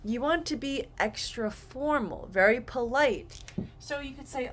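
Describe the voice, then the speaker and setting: Lively woman teaching English grammar. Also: sits high, a little slow, noisy background. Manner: animated, acts out example phrases. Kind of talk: grammar lesson.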